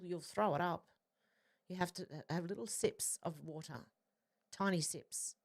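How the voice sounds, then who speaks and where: A woman hosting a livestream, reading out viewer comments in casual chat with quick, chatty asides. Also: lowish voice. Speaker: livestream host.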